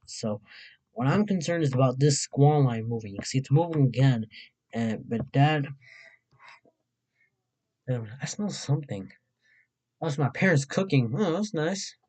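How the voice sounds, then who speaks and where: A man from Mexico hosting a casual weather livestream, excitable and rambling, often repeating himself. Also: mid-range voice, normal speed, long pauses, low-quality recording.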